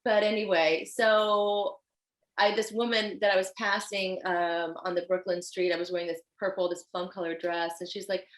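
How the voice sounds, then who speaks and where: A woman with a Haitian accent, a fashion designer guest telling stories in an animated, chatty way. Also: medium pitch, moderate pace. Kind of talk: casual chat. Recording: roomy echo.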